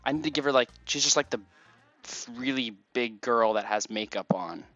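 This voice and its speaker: A man chatting loosely through a life-sim game, rambling and peppering his talk with "like." His voice sits at an ordinary pitch. The recording is slightly muffled, with faint game music behind. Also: moderate pace, a bit bright. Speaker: let's play gamer. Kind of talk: casual gameplay commentary.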